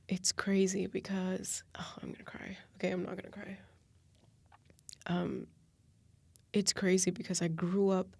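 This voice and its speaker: A woman in her late twenties hosting a reflective solo podcast, talking softly and confessionally and often sinking into a whisper. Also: on the low side, gravelly, no room sound. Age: 20s. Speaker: podcast host.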